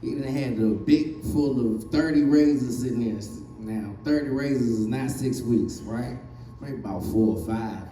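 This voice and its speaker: A man's voice: mid-range voice, measured pace, mellow, reverberant, distant mic, faint music behind. A man from Virginia with a Southern accent, doing a stand-up comedy set with a loose, rambling delivery full of fillers. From Virginia, USA. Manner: loose, rambling delivery with many fillers, acting out other people's voices.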